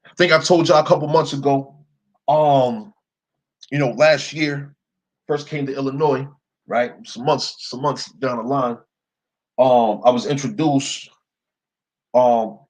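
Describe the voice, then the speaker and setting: A man's voice: medium pitch, steady tone, a little slow, pauses often, a little mellow, poor audio. A young man telling a story in a casual, profane rant, leaning on "yo" and "right?" for emphasis. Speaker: commentator. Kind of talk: casual ranting monologue.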